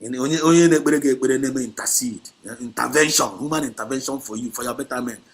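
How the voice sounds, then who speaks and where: A man's voice: medium pitch, fast talker. A man with a Nigerian Igbo accent, hosting a livestream talk, preaching emphatically and scolding, with lots of repetition. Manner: switches between Igbo and English, repetitive and emphatic; exhorting and scolding. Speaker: activist livestream host.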